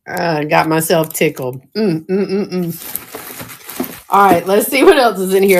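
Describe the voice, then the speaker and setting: A middle-aged Southern US woman chats folksily on a live stream while showing off thrifted jewelry, often dissolving into giggles. Her mid-range voice is expressive and slow. There's a little hiss or hum on the recording.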